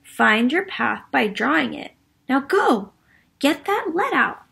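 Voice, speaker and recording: A woman's voice: sits high, big pitch swings, slow, creaky, sharp tone, voice pushed up, heavily acted. Woman doing Smudge, a wise old pencil stub. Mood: wise, urging.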